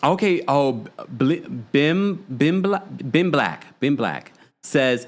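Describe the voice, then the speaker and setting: Guy doing a gossipy live recap, voice all over the place, kinda high for a man. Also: slow. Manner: animated, gossipy, mimics people in quotes. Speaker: podcast host. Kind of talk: live recap chat reading viewer comments.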